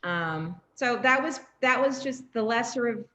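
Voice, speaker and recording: A woman in a casual video-call chat, joking in a wry, deadpan way. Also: on the high side, a little slow.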